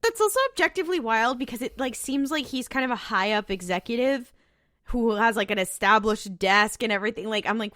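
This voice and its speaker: A woman co-hosting a podcast, reacting in casual chat with quick, incredulous remarks. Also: fairly high pitch, expressive, a bit bright, no echo, clean studio sound. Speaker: podcast co-host.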